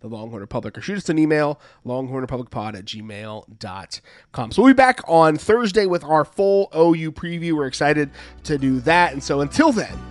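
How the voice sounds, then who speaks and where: A man's voice: on the high side, lively intonation, moderate pace, no room sound, clean studio sound, faint music behind. Earnest, fired-up young sports podcaster man. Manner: earnest, building to fired-up emphasis. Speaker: podcast co-host. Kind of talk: casual sports podcast chat.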